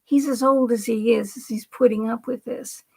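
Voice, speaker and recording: A woman's voice: a little high, fairly even intonation, moderate pace, creaky, dark tone, breathy edge. A woman hosting a political commentary livestream, talking in a rambling, emphatic way and now and then dropping to a whisper for effect. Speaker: livestream host.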